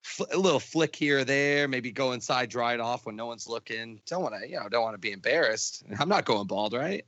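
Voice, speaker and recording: A man's voice: mid-range voice, brisk, fairly bright tone, dry recording, muffled recording. A young man co-hosting a casual comedy podcast, telling rambling stories and acting out quotes between laughs. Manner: rambling storyteller, acts out quotes, laughs often. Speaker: podcast co-host.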